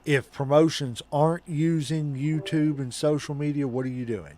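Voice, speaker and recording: A man's voice: a little high, steady tone, normal speed, mellow, slight background noise. A man co-hosting a wrestling podcast, chiming in with chatty comments and asides. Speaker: podcast co-host. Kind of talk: casual podcast interview.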